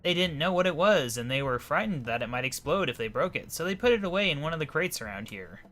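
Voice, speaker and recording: A man voicing an eager, grateful female goblin prisoner in a video game, reading her lines in a raised, bright voice. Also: a little high, lively intonation, fast, faint music behind, pitched above the performer's own voice.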